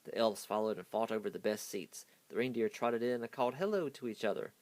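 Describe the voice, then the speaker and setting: A man's voice: on the low side, a little fast, darkish tone, dry recording. A man hastily reading a children's picture book aloud. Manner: hasty reading. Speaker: storyteller.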